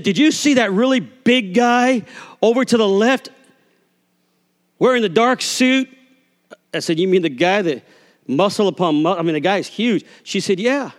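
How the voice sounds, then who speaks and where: A man's voice: high voice, long reverb tail. A man preaching a sermon as a pastor, telling a folksy story and acting out the voices of the people in it. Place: church sanctuary.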